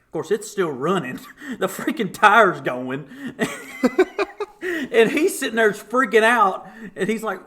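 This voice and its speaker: With a high voice and a measured pace, this podcast guest spins a story in relaxed conversation. He laughs a lot as he goes, animatedly performing the voices of the story's characters.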